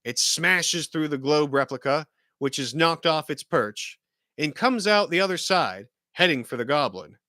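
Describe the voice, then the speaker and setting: A man reads an action screenplay aloud with a bright, forceful tone and a voice that leaps up and down in pitch. His narration is energetic and vivid. The sound is close and dry. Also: a little slow, no room sound. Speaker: host reading a film script. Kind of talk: dramatic script reading.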